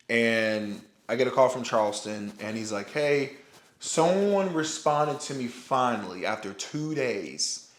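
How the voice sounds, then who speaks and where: A young man recounting a story straight to the camera in a loose, rambling way, circling back with restarts and filler words and the odd curse. His voice sits at an ordinary middle pitch. The room around him rings with a noticeable echo. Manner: rambling, many restarts and "like", swearing. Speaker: powerlifter telling a story. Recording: roomy echo.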